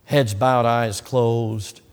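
A man preaching an evangelistic sermon with an altar call, emphatic and swinging between loud and hushed delivery. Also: mid-range voice, steady tone, extremely slow, smooth. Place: church sanctuary. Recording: long hall reverb.

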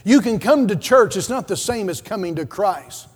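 Man, pastor, high voice, dynamic sermon, loud to hushed, long church reverb. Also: animated, moderate pace, breathy edge. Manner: dynamic preaching, swinging from loud urgent calls to hushed low passages. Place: church sanctuary.

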